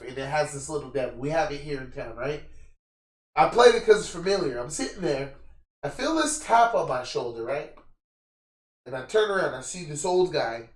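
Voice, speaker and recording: A young man hosting a casual chat, telling stories with lots of profanity and acting out the people in them. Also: fairly high pitch. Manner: animated, profane, acts out quoted people. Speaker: podcast host. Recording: roomy echo, distant mic.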